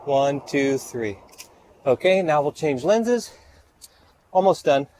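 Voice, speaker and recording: A man's voice: a little high, expressive, slow pace, darkish tone, rough recording. Man, breathless, counting one-two-three, outdoor shoot, faint street noise. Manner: counts off shots, gives brief directions. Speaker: photographer directing a model. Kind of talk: on-location shoot commentary.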